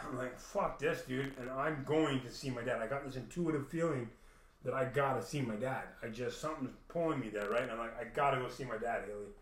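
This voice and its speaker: A man's voice: medium pitch, brisk. Profane rambling man, echoey room. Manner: profane, rambling, acts out quoted dialogue. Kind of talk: casual storytelling monologue. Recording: echoey room, mic at a distance.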